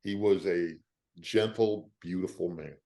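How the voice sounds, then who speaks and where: An older man, an actor, telling stories in an interview with a lively, emotional delivery. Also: low voice, unhurried. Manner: lively storyteller, emotional at times. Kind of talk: animated anecdotes.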